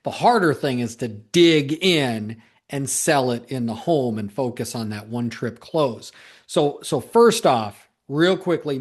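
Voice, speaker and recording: A man coaching salespeople in a solo talk, emphatic and repeating key points for stress, with the odd joking aside. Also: medium pitch.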